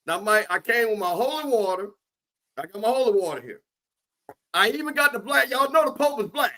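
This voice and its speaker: A man, joking around and talking football in an animated, teasing way as co-host of a sports show. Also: very high voice, brisk. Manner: animated, joking, repeats names for emphasis. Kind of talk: comedic sports chat.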